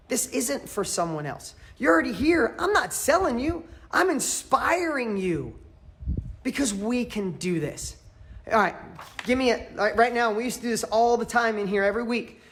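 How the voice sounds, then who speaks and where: A man coaching a live audience in a motivational training, emphatic and fervent, repeating phrases for emphasis and swinging between loud and quiet. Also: sits high. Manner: fervent, emphatic, pep-talk delivery.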